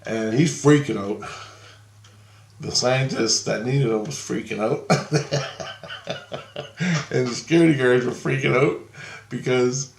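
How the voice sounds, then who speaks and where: A man's voice: medium pitch, gravelly. A middle-aged man casually telling a long story in a rambling way, chuckling often and raising his voice for the people he quotes. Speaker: storyteller recounting visions. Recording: roomy, echoey room sound.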